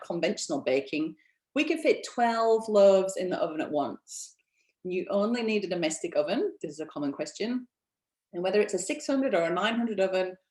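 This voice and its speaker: A woman's voice: lowish voice, a little mellow, echoey room. Chatty woman hosting a home webinar. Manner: chatty and encouraging, asks the audience questions. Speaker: business founder presenting a webinar. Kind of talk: casual webinar presentation.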